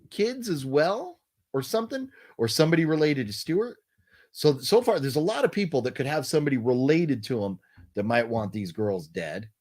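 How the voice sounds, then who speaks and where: Man, late-night stream host, lively up-and-down pitch, rambling, casual. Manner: rambling, thinking aloud with many restarts.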